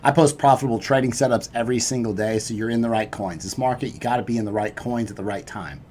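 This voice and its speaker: A man's voice: medium pitch, fast talker, darkish tone, a little hiss or hum. A man hosting a crypto trading video, walking through price charts in a chatty, upbeat, casual way. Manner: chatty and upbeat, peppered with "right?" and "you know".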